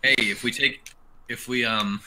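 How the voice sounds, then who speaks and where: A man with a very bright, sharp voice chats casually as a tabletop game player. He explains things haltingly, often breaking off and starting again. A faint noise hangs behind him. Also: medium pitch, steady tone.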